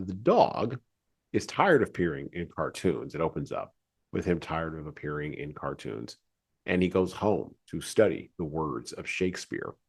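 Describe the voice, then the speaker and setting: Very deep, husky male podcast host. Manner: digressive, chatty, many asides. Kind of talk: casual podcast commentary.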